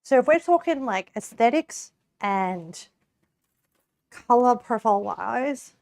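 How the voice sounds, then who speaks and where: A woman's voice: on the high side, expressive, slow, vocal fry, a little mellow, dry recording, clean studio sound. A young woman from Australia chatting casually to her viewers as she cooks on a live stream, giggling often and rambling with lots of "like" fillers. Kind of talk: casual chat while cooking on a live stream.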